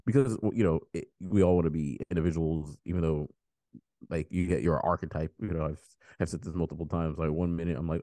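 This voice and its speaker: A man's voice: low-pitched, steady tone, fast, dark tone, dry recording. A man hosting a podcast, telling a story in casual chat, rambling with restarts and swearing. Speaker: podcast host.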